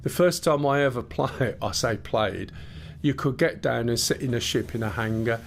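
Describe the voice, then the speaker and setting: Guy streaming a game, rambly chat, explains as he goes, mid pitch. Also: moderate pace, vocal fry, slight background noise. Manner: rambling, chatty, explains as he plays, mild swearing. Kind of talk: live gameplay stream chat.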